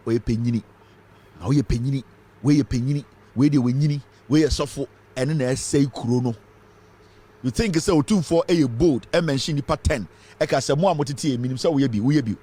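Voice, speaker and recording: A man's voice: medium pitch, warm tone, husky. A man from Ghana with a Ghanaian accent, giving fiery political commentary full of rhetorical questions. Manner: fiery, rhetorical questions, mixes English and Twi.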